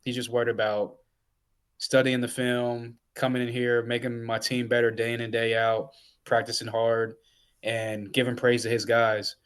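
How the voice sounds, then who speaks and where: A man with an ordinary mid-range voice rambles through his answers on a sports podcast. He fills his speech with "like"s and "um"s while he thinks out loud. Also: medium pitch, completely flat delivery, normal speed, smooth. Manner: rambling, many "like"s and fillers. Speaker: podcast co-host. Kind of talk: casual sports talk.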